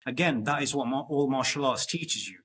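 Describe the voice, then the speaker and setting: A man's voice: medium pitch, brisk, a bit bright, breathy edge. A man hosting a casual interview, gushing with fan enthusiasm about favorite scenes. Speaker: interview host.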